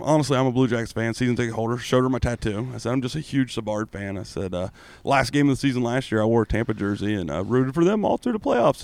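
Man from Ohio, casual chat, deadpan jokes, dry close sound. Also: mid-range voice, creaky, no room sound. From Ohio, USA. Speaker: podcast co-host.

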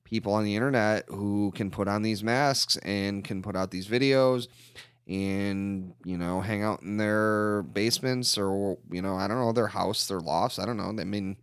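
A man's voice: fairly low pitch, normal speed, clean tone, dry recording, studio quality. A man co-hosting a podcast, rambling casually with many fillers and curse words. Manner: rambling, lots of fillers and swearing. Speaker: podcast co-host. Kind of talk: casual chat.

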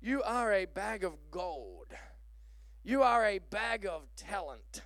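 High-voiced man preaching a sermon. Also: slow pace, no echo, studio quality. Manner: animated, joking, calls for amen. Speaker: pastor.

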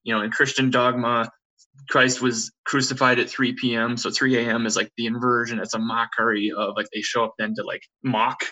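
A man's voice: mid-range voice, level tone, fairly quick, bright, forceful tone, lo-fi sound. A young man telling a ghost story in casual conversation, rambling with many fillers and restarts and acting out what others said. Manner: rambling, frequent fillers and restarts, acts out quotes. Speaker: podcast guest telling ghost stories.

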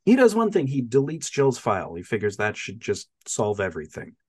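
A podcast co-host recaps a movie in casual chat, animated, laughing often, and leaning on lots of fillers. His husky voice sits at medium pitch but swoops wildly, and he talks a little fast.

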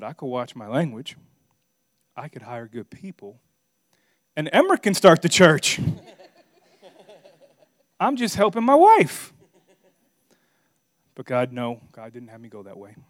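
A middle-aged man preaching a sermon, telling a personal story and swinging between quiet asides and loud, emphatic preaching. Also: mid-range voice, no room sound, clean studio sound. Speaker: pastor.

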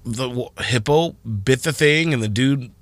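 A man co-hosting a morning radio show, telling stories in an animated way and acting out other people's voices. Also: mid-range voice, measured pace, dry recording, clean studio sound. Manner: animated storytelling, acts out quoted voices. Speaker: radio co-host. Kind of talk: casual morning radio chat.

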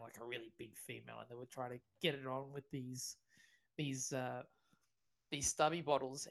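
A low-voiced Australian woman co-hosts a podcast in casual chat. She tells stories chattily, laughing often and restarting her sentences along the way.

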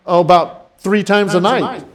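A man's voice: high-pitched, unhurried, a crowd in the background. A man who is a pastor, telling a story in casual conversation and acting out the voices of the people in it. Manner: animated, acts out quoted voices.

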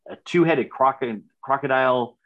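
A man's voice: medium pitch, moderate pace, lo-fi sound. Enthusiastic man co-hosting a podcast. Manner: enthusiastic, repeats words when starting. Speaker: podcast co-host. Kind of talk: casual chat reviewing a TV series.

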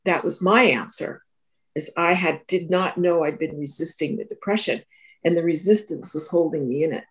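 Speaking at a moderate pace in a low voice, a Three Principles teacher and therapist tells an interviewer a reflective story from her own life. She's earnest and keeps repeating and restarting her phrases.

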